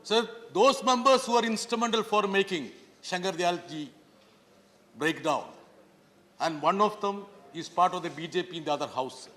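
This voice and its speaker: A man speaks from the floor of a large parliament chamber, his voice pitched high and ringing bright. He drives each point home with emphatic, rhetorical questions. A long reverb carries his words through the hall. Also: expressive, normal speed. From Kerala, India. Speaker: member of parliament.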